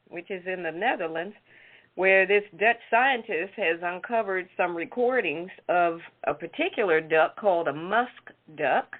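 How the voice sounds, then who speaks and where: Woman, talk show co-host, casual chat, amused storytelling, phone-line audio. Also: mid-range voice. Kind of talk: casual chat, reading weird news.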